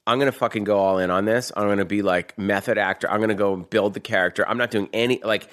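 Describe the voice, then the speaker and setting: A man with a Boston accent telling a story in a fast, profane, animated way as a guest in a casual chat. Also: fairly low pitch.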